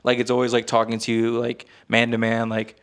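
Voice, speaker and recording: A young man, telling a story on a podcast in an animated way with lots of fillers, acting out quotes. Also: medium pitch, fairly quick, smooth. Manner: animated, heavy filler words, acts out quotes. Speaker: podcast co-host. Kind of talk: casual storytelling.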